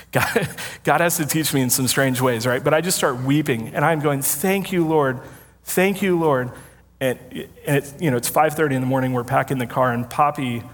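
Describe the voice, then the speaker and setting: In a church sanctuary full of congregants, a man delivers a sermon as a pastor at normal speed, his medium-pitched voice fairly bright. He tells a story casually, pokes fun at himself, and laughs often, all under a long hall reverb.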